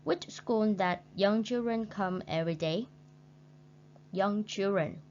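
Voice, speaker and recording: A woman English teacher with a Vietnamese accent, leading a recorded lesson slowly and repeating words for her learners. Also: medium pitch, a little mellow. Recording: dull lo-fi recording with faint hum.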